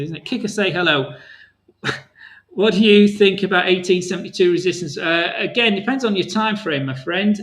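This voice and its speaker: Chatty high-voiced man hosting a trading webinar. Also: a bit bright, poor audio. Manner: chatty, rambling, addresses viewers as "my friend". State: voice tiring.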